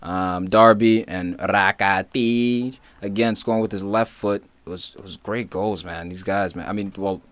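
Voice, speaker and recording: A man's voice: fairly low pitch, steady tone, measured pace, few pauses, dry recording. A man co-hosting a casual soccer podcast, laid-back and slangy. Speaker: podcast co-host. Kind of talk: casual chat.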